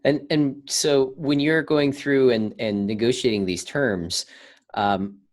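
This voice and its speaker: A man's voice: medium pitch, fairly even intonation, slow pace. A man hosting a podcast interview, asking meandering questions with short affirmations. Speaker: podcast host.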